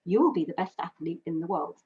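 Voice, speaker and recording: An insidious inner voice that coaxes and flatters to take control, as a woman puts it on. The tone is low and breathy. It plays over muffled webinar audio. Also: fairly quick. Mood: coaxing. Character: manipulative, coaxing eating-disorder voice.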